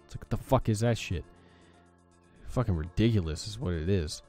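A man's voice: on the low side, fairly quick, mellow, soft background music. A tired young man commentating his own gameplay, swearing freely and grumbling in frustration. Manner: swears often, frustrated at the game. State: exhausted. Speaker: gaming channel host. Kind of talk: let's play commentary.

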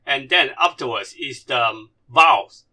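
A man whose first language is Cantonese, teaching a slide-based lesson in non-native English and slowly drilling syllables one by one. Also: mid-range voice, animated, sharp tone.

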